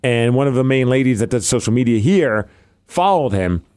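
A man's voice: medium pitch, lively intonation, normal speed, darkish tone, clear, resonant tone, dry recording, clean studio sound. A man hosting a podcast, telling stories in a casual, rambling way and acting out what others said. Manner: rambling storyteller, acts out quotes. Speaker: podcast host.

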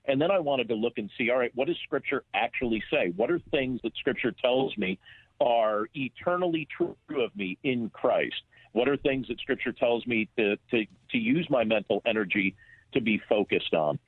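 A man's voice: mid-range voice, expressive, moderate pace, slightly rough, no room sound. A man talking as an author guest in an earnest, reflective way, with small restarts. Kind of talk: phone interview. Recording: tinny phone line.

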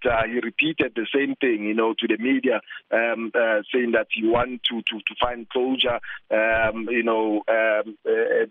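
A man reporting live for the news, halting with many fillers and repeated words. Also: medium pitch, no echo. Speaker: field reporter. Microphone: phone. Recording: tinny phone line.

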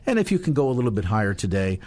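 A man hosting a radio fundraising appeal, talking fast and slowing down to repeat phone numbers. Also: fairly low pitch, big pitch swings, darkish tone.

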